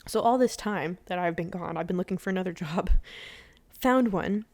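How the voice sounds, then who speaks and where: A woman's voice: fairly low pitch, normal speed, gravelly. A young woman vlogger talking casually from bed while gaming, rambling with restarts and acting out quoted speech. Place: in bed at home.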